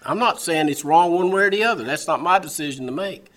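Fast-talking and a bit bright, this man has a fairly high voice with lively intonation. His sermon, delivered in a Southern American accent, turns to a personal story told folksily, with frequent repetition of his words.

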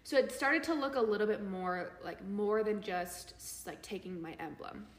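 A woman's voice: mid-range voice, expressive, normal speed. A young woman co-hosting a podcast, telling a story in casual chat and filling her talk with "like". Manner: chatty, heavy use of "like" fillers. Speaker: podcast co-host. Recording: echoey room with long reverb.

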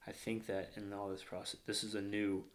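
A man's voice: fairly low pitch, level tone. A man in his thirties from Arkansas with a slight Arkansas accent, recounting his childhood grief in an interview, close to tears and dropping to near-whispers. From Northwest Arkansas, US. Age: 30s. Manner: reflective, slows and softens into near-whispers when emotional. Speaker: guest. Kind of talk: emotional personal interview.

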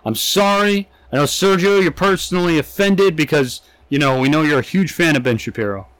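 A man's voice: fairly high pitch, brisk, fairly bright tone, dry recording, rough recording. A young man co-hosting a comedy podcast, ranting and swearing freely. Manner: ranting, profane, riffing. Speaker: podcast co-host. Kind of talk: crude comedic chat.

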